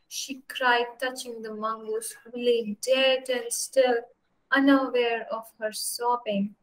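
Bright, unhurried woman teacher. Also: a little high, rough recording. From India. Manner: animated, asks "right?" again and again. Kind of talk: storytelling English lesson.

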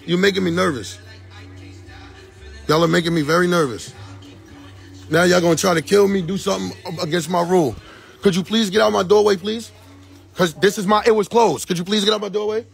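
A man livestreams on his phone from his home's doorway, agitated and repeating his pleas and demands in a live confrontation. His voice is high-pitched and gravelly, fairly quick yet broken by long pauses. Faint music plays behind him.

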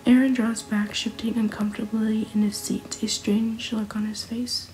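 A woman narrating an interactive story in a soft, hushed, second-person whispered role-play. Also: fairly high pitch, little pitch movement, normal speed, faint music behind, low-quality recording.

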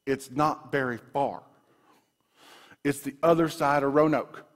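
A man preaching a sermon, telling personal stories in an animated way with frequent restarts, in a church sanctuary. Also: medium pitch, a little slow. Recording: long reverb of a large room.

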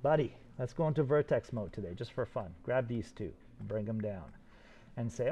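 An older man teaching a 3D modeling tutorial live, talking fast and excitedly while he demonstrates and encourages his students. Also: medium pitch, a little hiss or hum. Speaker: 3D modeling instructor.

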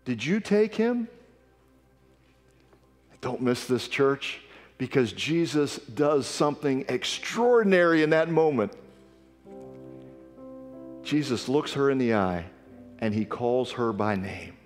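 A man's voice: medium pitch, animated, unhurried, long pauses, big-room sound, soft background music. A man preaching a sermon with earnest emphasis, reading scripture aloud. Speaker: pastor. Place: church sanctuary.

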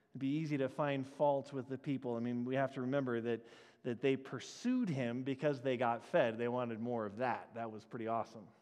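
A man preaching a sermon as a pastor, animated and acting out the crowd's reactions. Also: mid-range voice, long reverb tail. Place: church sanctuary.

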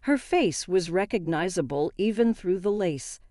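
An older woman narrates a scripted story in a steady, even read. Her voice is low and mellow. The recording is dry and close, with no room around it. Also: unhurried, dry recording.

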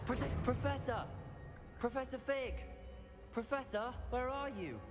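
A woman voicing a young student wizard who is lost and alone in a video game, speaking in a calm, measured way. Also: high-pitched, faint music behind. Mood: worried. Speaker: game protagonist.

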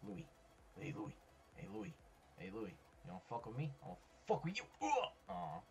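A man doing casual let's-play commentary, excitable, swearing and talking to other players, swinging from low mutters to sudden yells. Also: muffled recording. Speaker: gaming YouTuber. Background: faint background music.

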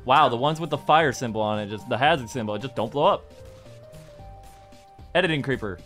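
A man's voice: mid-range voice, a little fast, a bit bright, faint music behind. A man hosting a co-op game video, chatting casually, teasing his friend, swearing freely and laughing often. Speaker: gaming channel host. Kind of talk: casual co-op gameplay commentary.

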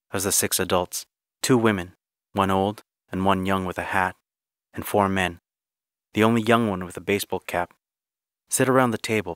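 A man's voice: deep voice, a bit bright, no room sound, clean studio sound. A man reading a short story aloud in the first person, with wry, gritty storytelling. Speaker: narrator.

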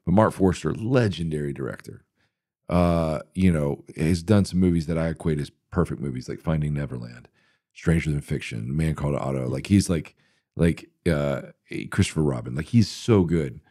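A middle-aged man hosting a podcast, telling stories in a rambling, animated way with many fillers. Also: rumbling low, moderate pace, no echo, clean studio sound. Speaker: podcast host answering listener questions. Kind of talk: casual interview talk.

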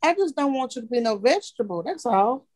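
A young adult woman co-hosting a casual podcast chat, telling lively stories about her child. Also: fairly high pitch, a little fast, dry recording. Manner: animated storyteller who acts out her child's voice. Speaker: podcast co-host.

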